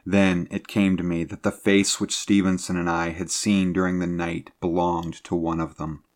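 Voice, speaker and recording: Man, very low voice, audiobook narration, measured storytelling, dramatic pauses. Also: little pitch movement. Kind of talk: scripted narration of an adventure story.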